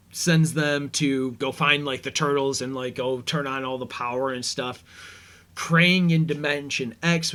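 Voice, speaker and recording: A man's voice: medium pitch, a bit bright. A man hosting a casual episode commentary, rambling easygoing with lots of fillers. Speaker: podcast host.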